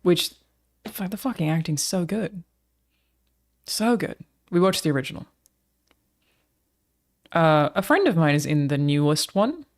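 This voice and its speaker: Gravelly Australian woman streamer. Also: low voice, animated, unhurried, long pauses. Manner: chatty, swears freely. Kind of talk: casual chat to a live stream audience.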